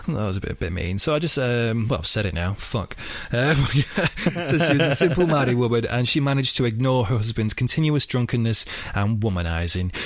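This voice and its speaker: A man's voice: lowish voice, no echo. A young man co-hosting a casual true-crime podcast, rambling and jokey with lots of fillers. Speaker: podcast co-host.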